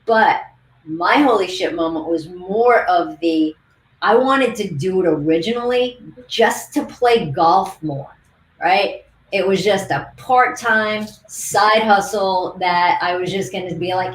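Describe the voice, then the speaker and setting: A woman coach co-hosting a casual livestream, telling lively stories on a video call. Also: fairly low pitch, takes it slowly, roomy sound, poor audio. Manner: lively anecdotal storyteller. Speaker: coach and co-host.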